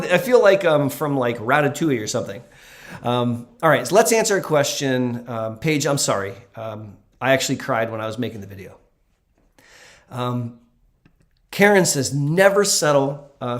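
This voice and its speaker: During a relaxed livestream Q&A, a man with a mid-range voice speaks as a doctor, answering viewers earnestly and emphatically and leaning hard on the points that matter. His unscripted talk is loose, full of ums, fillers, and small restarts.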